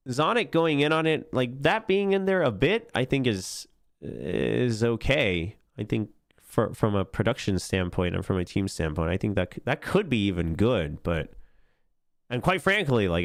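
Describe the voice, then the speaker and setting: A man's voice: lowish voice, dry recording, studio quality. A male esports caster reacting casually on a live stream, laughing often and talking animatedly.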